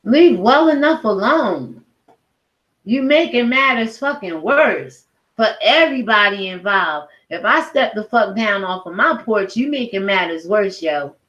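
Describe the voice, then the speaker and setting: A woman's voice: medium pitch, animated, unhurried, sharp tone, muffled recording. A middle-aged woman ranting at home in a blunt, profane, heated commentary video. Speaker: commentary vlogger. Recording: roomy echo.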